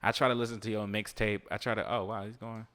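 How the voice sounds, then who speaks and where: Speaking fast in a lowish voice with little rise or fall, a man hosts a podcast, and his tone is fairly bright. He chats casually to listeners over a video game, laughing, cursing, and giving easygoing motivational advice.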